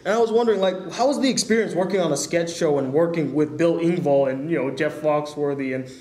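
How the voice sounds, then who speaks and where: Man interviewer, higher voice, excitable fan, chatty, echoey room. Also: fast talker. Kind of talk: casual amateur interview.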